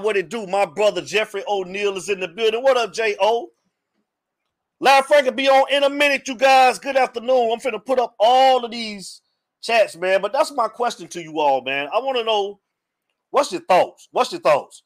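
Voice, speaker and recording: A man's voice: high-pitched, lively intonation, moderate pace. A man hosting a live sports podcast in a casual way, greeting chat viewers by name and repeating his questions. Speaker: podcast host.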